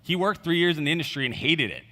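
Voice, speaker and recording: Talking fast with a sharp tone, a man whose voice runs somewhat high and expressive delivers a keynote on a large hall's conference stage. He relates a personal story in a chatty manner, with fillers and quoted dialogue, captured in a reverberant space.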